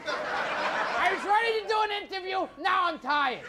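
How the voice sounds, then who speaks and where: Shrill, yelling comedian man. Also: sing-song, unhurried, a loud crowd. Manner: shrill yelling, mock-exasperated rants. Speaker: comedian guest. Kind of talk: stand-up style talk show banter. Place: TV studio stage. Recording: live studio audience laughter and noise.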